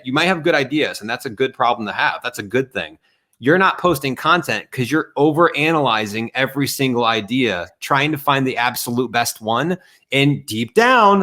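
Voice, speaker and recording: A blunt, emphatic man talking over a video call. He gives a fired-up motivational push and calls out excuses head-on, with a voice of ordinary pitch. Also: fairly bright tone. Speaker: guest.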